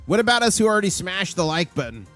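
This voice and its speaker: Man, livestream host, excitable market commentary, rattles off prices, slightly high voice. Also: fast, faint music behind.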